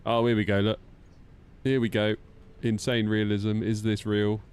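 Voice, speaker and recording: Chatty man, low voice. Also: level tone, unhurried, a little mellow, clear, resonant tone. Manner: chatty, self-mocking, reads chat aloud. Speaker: flight sim streamer. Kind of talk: casual live-stream chat.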